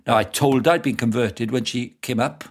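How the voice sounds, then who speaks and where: Speaking fairly quickly in a mid-range voice, this middle-aged man from Wales is a guest evangelist being interviewed casually. He spins stories with plenty of energy and frequent laughter.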